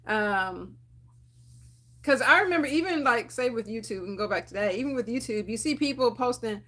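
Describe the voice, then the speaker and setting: A young woman with a slightly higher voice speaks to camera in an animated, encouraging way, often laughing between points. She talks casually, with frequent fillers, like a friend cheering you on. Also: moderate pace. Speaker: dental hygienist and channel host.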